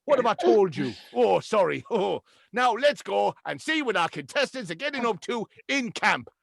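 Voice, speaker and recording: A man's voice: sits high, very animated, moderate pace, gravelly, fairly bright tone, dry recording, studio quality, pitched above the performer's own voice, full character voice. A man doing a perky male TV presenter. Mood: chirpy. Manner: perky, jokey presenter patter. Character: chirpy cheeky male TV presenter. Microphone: video call.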